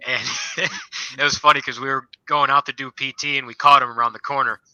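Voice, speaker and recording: A man's voice: medium pitch, fairly even intonation, fairly quick, sharp tone, no echo, muffled recording. A man, a former soldier, telling stories from basic training in a casual podcast chat, rambling and leaning on filler phrases. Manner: rambling storyteller, leans on "you know".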